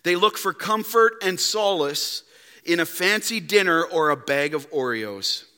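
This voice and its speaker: A man preaching a sermon as pastor, emphatic, dropping to quiet rhetorical questions. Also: a little high, lively intonation, a little slow, clean tone. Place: church. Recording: long reverb in a church hall.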